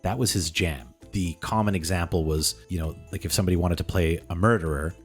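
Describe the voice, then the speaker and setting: A man's voice: low-pitched, a little fast, soft background music. A man co-hosting a podcast, chatting casually in a jokey, playful way and laughing often. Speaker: podcast co-host.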